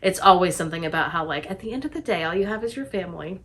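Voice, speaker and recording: A woman's voice: fairly low pitch, animated, rapid-fire, a bit bright. A young woman co-hosting a casual Q&A chat, reading out viewer questions in a chatty, sentimental way. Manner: chatty, sentimental, laughs easily.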